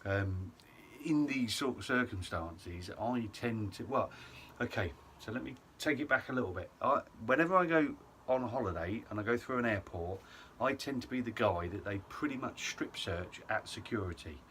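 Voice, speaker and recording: A man's voice: fairly low pitch, animated, moderate pace, few pauses, a bit bright, a little hiss or hum. Chatty guy telling a funny story. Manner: chatty, self-mocking, lots of ums and et ceteras. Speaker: vlogger. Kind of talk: casual storytelling to camera.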